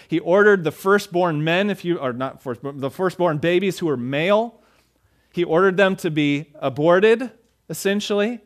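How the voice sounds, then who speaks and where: A man's voice: sits high, moderate pace. Man preaching a conversational sermon. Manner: conversational preaching, acts out dialogue. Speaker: pastor.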